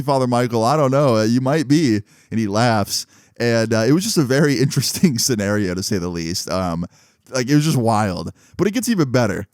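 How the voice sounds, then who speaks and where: A man's voice: mid-range voice, dry recording, studio quality. A young man casually telling a story in a laid-back, slangy way, chuckling now and then.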